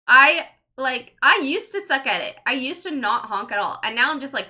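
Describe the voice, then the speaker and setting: A woman's voice: high voice, animated, normal speed, pushed and bright. A woman in her thirties chatting casually on a livestream, rambling with lots of "like" and swearing freely. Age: 30s. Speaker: streamer. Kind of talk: casual livestream chat, reading chat.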